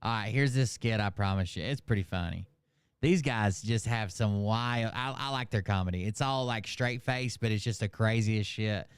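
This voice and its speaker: A man hosting a reaction channel, commenting on clips in a relaxed, loose way and swearing casually. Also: fairly low pitch, moderate pace, clean tone, no echo.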